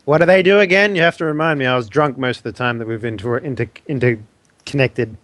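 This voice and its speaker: A man's voice: medium pitch, quick pace, fairly bright tone, no echo. A man playing in a tabletop game, joking, laughing and swearing in character. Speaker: player.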